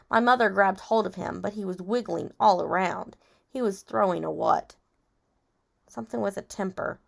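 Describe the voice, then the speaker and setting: A woman's voice: medium pitch, normal speed, vocal fry, slightly rough. A woman teacher reading a chapter book aloud to children, stopping to ask and explain vocabulary words.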